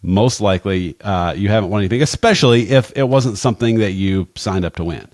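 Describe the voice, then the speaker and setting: A man with a lowish voice talks through everyday money risks in a plainspoken, wry way. He drops in casual asides. The sound is close and dry, with no room around it. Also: expressive, brisk, darkish tone, no echo. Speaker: financial advisor, podcast guest expert. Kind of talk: casual conversational advice.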